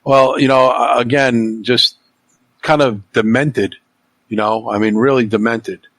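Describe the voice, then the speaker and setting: A man's voice: mid-range voice, fairly even intonation, unhurried, fairly bright tone, no room sound. Profane ranting man, dry sound. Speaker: podcast host. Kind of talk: casual chat.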